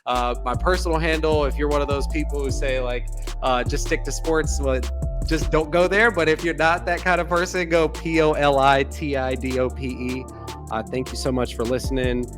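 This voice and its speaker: A man hosting a sports podcast, speaking in a relaxed, halting way with many restarts. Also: a little high, music in the background. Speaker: podcast host. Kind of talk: casual podcast interview.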